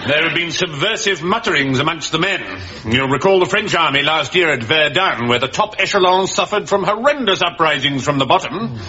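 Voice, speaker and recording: An actor playing a blustering, self-assured army general in a television sitcom. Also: male voice, a little high, animated, fairly quick, few pauses, lightly acted. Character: blustering old army general, booming and pompous. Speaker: commanding general. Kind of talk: sitcom acting before a studio audience. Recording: dull, lo-fi TV soundtrack with faint hiss.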